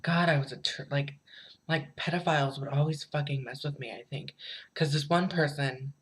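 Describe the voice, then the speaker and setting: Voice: medium pitch, fairly even intonation, moderate pace, a bit bright, breathy edge, low-quality recording. A person telling embarrassing childhood stories in a casual, rambling way, swearing often and laughing at themselves. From Southern Illinois. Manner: rambling, profane, many fillers; self-deprecating, laughs while telling stories. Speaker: vlogger. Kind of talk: casual storytelling.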